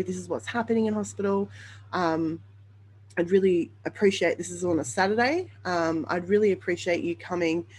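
In this candid monologue, a woman podcast host recounts her own birth story openly and earnestly, peppered with ums and self-corrections. Her voice sits on the low side, darkish in tone with a breathy edge, on a low-quality recording.

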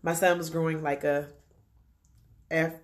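A woman co-hosting a casual chat, throwing in wry jokes and quick reactions. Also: low-pitched, level tone. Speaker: podcast co-host.

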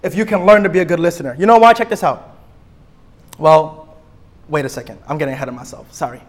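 A young man teaches a church group, his voice sitting high for a man. He is lively and playful, acting out small scenes and hammering his main points by saying them twice. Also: quick pace. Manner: lively, playful, acts out little scenes and repeats key points.

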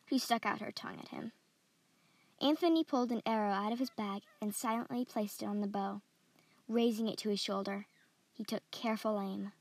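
A woman reading a story aloud in a steady, descriptive way as a podcast host. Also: medium pitch, normal speed, dry recording. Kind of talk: scripted story narration.

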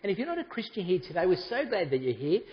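A man's voice: sits high, very animated, quick pace, in a large hall, muffled recording. A man preaching a sermon to a congregation, talking conversationally and making asides to the people in front of him. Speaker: pastor. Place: church hall.

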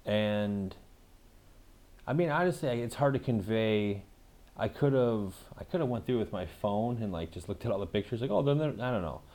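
A man's voice: fairly low pitch, normal speed, a little mellow. A man casually telling a story to camera, rambling with lots of fillers and swearing.

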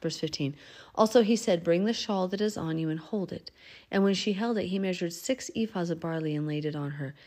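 Female bible study teacher, casual and conversational, warm low voice, reads scripture aloud and then breaks it down. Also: brisk. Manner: reads verses aloud, then explains them chattily; acts out the figures' lines in an everyday voice. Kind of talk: casual scripture reading and commentary.

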